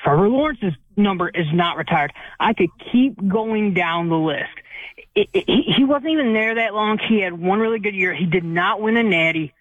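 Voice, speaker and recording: A man's voice: high-pitched, lively intonation, normal speed, dry recording. A man calling in to a sports radio show, worked up and exasperated. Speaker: caller. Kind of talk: call-in radio talk. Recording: dry tinny phone line.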